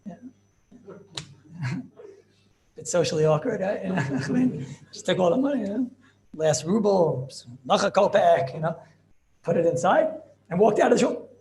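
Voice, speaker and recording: A man with telling a Torah story as a rabbi, acting out the characters in an animated way. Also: normal speed, pauses often. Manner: animated, acts out characters with shifting pitch.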